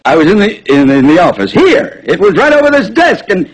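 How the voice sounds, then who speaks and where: An actor in his sixties playing a worn-out, proud old salesman who rambles, pleads and bursts into shouting. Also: high voice, big pitch swings, a little fast, husky, heavily acted, low-quality recording. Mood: pleading, shouting. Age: 60s. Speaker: aging traveling salesman. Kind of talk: film drama acting.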